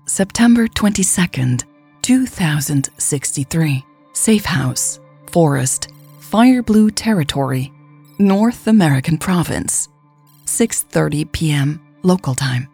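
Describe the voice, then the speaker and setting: A woman reads a romance story aloud in a soft, at times whispery manner. Her voice sits low with a gravelly fry. Faint music plays behind her. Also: expressive, takes it slowly. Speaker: audiobook narrator. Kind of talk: scripted narration.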